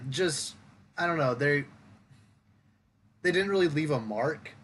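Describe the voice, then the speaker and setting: A man's voice: a little high, lively intonation, slow pace, creaky, fairly bright tone, a little hiss or hum. A man hosting a podcast, talking through a film review in casual chat, thoughtful and explaining at length with occasional fillers. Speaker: podcast host.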